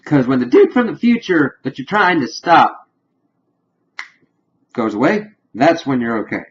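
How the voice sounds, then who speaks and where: A man giving a casual spoiler review of a TV episode, rambling and excitable as he retells scenes with quick paraphrased quotes. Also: mid-range voice, dull audio.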